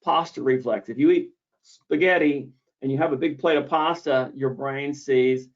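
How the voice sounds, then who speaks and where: Man lecturing over dull lo-fi audio. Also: medium pitch. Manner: deliberate, repeats key words for emphasis. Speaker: misophonia therapist explaining treatment. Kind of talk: explanatory lecture.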